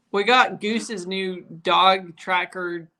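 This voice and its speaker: A man's voice: high-pitched, fairly even intonation, very slow, bright, forceful tone. A man, a father and family vlogger, chatting easygoing and joking with viewers. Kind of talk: casual live chat with viewers.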